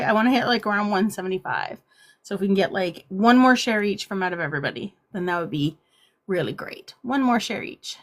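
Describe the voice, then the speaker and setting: A woman's voice: medium pitch, a bit bright. A woman hosting a casual livestream chat, upbeat and chatty, sometimes breaking into auctioneer patter. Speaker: livestream host.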